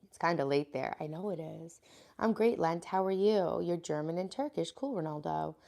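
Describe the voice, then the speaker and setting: Chatty American woman streamer, low and gravelly, stuffed-up from a cold, greets her chat by name. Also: animated, moderate pace, darkish tone. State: congested, sniffling. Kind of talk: casual live-stream chat.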